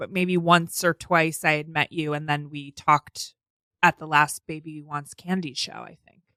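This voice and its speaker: A woman's voice: low voice, flat delivery, unhurried, bright, forceful tone, smooth, no room sound. A woman chatting playfully as a podcast guest in a radio studio, on a studio mic. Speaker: guest, improv comedian. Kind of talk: casual chat.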